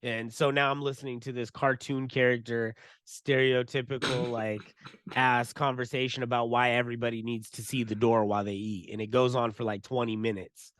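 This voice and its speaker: A man co-hosting a podcast, telling a story in a casual, profane, animated way and laughing as he goes. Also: mid-range voice, normal speed, dry recording. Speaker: podcast co-host.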